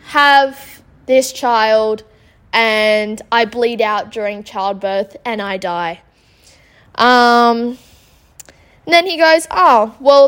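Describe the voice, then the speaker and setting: A young woman, hosting a solo podcast and retelling an argument in an exasperated, chatty way with lots of ums and likes. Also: a little high. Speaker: podcast host.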